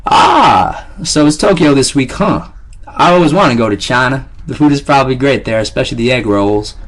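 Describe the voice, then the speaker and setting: A man voicing boorish, overweight male airport security guards who mock a traveler, with a Southern drawl and a raised pitch. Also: expressive, brisk, a bit bright. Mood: taunting. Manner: mocking, patronizing.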